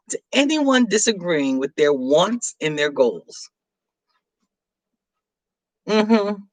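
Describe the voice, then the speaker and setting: Her voice sits fairly low as this middle-aged woman hosts a live stream, teasing and chatting while she reads out viewer comments. She laughs often between remarks, and the sound is close, dry, and right on the mic with no room sound.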